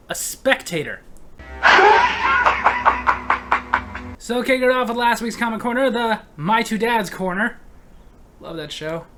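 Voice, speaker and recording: A man's voice: high-pitched, bright, forceful tone. A man hosting a weekly comment show with a jokey, playful delivery. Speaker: host. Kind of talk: casual comedic chat.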